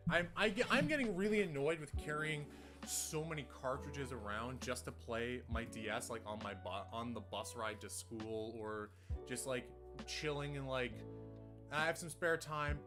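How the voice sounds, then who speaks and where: A man's voice: medium pitch, moderate pace. Profane, ranting young man streaming. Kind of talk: casual livestream chat. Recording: music playing behind.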